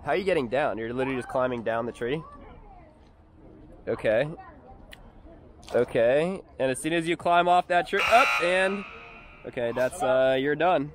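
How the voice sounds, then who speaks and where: A man's voice: mid-range voice, normal speed, long pauses. A young man hosting a casual vlog outdoors, talking upbeat and straight to his viewers. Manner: upbeat, addresses viewers directly. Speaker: vlogger host. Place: outdoors up in a tree. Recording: outdoor noise behind.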